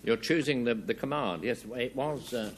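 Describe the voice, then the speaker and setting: A man hosting a 1970s panel game show, wry and brisk as he calls on players. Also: mid-range voice. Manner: lively, wry, reads out definitions. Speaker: quiz show host. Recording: 1970s studio broadcast with audience, noisy. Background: studio audience.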